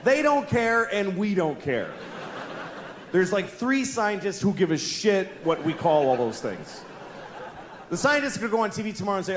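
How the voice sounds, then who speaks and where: A man in his forties performs stand-up on stage, deadpan and exasperated, his fairly high voice swinging wide in pitch. The sound is roomy and echoey, with steady live-venue noise underneath. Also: normal speed. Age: 40s. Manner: deadpan and exasperated, jumping into loud squeaky put-on voices. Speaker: stand-up comedian. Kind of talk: stand-up comedy set. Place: large comedy venue, audience laughing.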